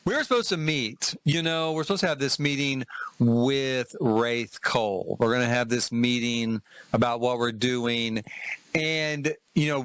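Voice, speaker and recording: A man's voice: mid-range voice, fairly bright tone, dry recording. A middle-aged man talking casually to the camera as a travel vlogger, chatty and enthusiastic, laughing often as he reviews a trip.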